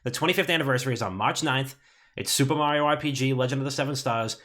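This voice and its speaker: A man's voice: mid-range voice, fast. A man co-hosting a casual gaming podcast, telling rambling stories with plenty of swearing. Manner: animated, swearing, rambling storyteller. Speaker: podcast co-host.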